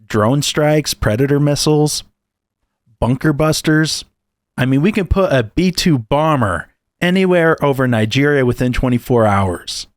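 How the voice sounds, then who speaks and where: A man's voice: mid-range voice, animated, unhurried, no echo, clean studio sound. A man hosting a reaction channel, making joking, sarcastic asides between clips. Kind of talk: casual commentary.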